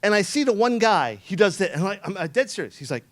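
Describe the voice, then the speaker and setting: A man's voice: high voice, big pitch swings, fast, a bit bright. A man giving a conference talk, telling a story in a sarcastic, profane way and acting out the quoted lines. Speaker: conference speaker. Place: conference room.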